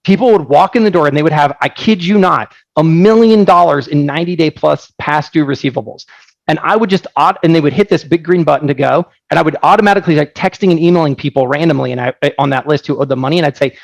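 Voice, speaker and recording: Man, gravelly fry, fairly high voice, joking storyteller, casual webinar demo. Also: quick pace, dry recording, poor audio. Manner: energetic, joking, storytelling with many asides. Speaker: software founder presenting on a webinar. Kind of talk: casual live product presentation.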